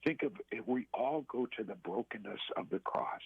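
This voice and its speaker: Man, low raspy voice, dry tinny phone sound, earnest storytelling, halting restarts. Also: expressive, no room sound. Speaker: radio interview guest. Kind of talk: personal storytelling in a radio interview.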